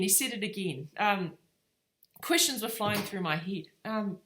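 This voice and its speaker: A woman's voice: mid-range voice, lively intonation, moderate pace, fairly bright tone. A woman giving a conversational devotional talk as a mother, telling a family story informally with frequent ums and uhs before turning to faith.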